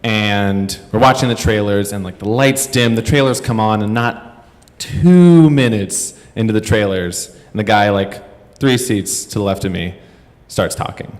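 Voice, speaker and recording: A man's voice: fairly low pitch, a little slow. A man in his thirties telling a comedic story on stage to a live audience, self-deprecating and rambling, with many fillers. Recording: echoey hall.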